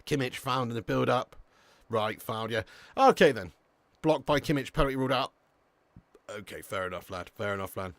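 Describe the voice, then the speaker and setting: An English man runs a live football watch-along, calling the match and reading out chat messages. His mid-range voice is brisk with frequent pauses and no echo, and he stays lively and chatty, calling people lad and mate constantly.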